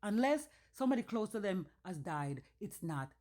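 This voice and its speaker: Woman, casual storyteller; blunt, profane, animated delivery. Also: mid-range voice, normal speed.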